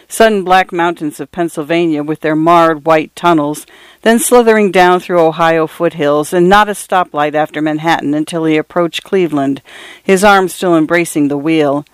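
A woman hosting a radio program, reading short stories aloud in a measured literary style. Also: deep voice, no echo. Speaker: radio host and reader. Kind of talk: scripted short story narration.

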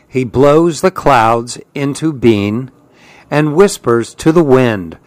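A man reading a children's storybook aloud in a calm, unhurried way. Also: medium pitch, dry recording. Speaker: storybook reader.

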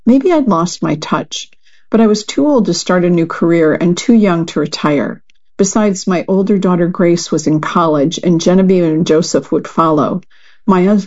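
A woman volunteer reader reading a magazine article aloud in a calm, measured way. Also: fairly low pitch, husky, lo-fi sound.

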